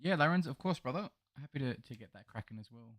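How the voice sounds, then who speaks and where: An Australian man streams a game and chats easily with his viewers, calling them mate and bro. His voice sits at an ordinary middle pitch and comes across dry and close. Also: lively intonation, fast talker, dry recording. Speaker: live streamer. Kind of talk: casual chat reading live chat while gaming.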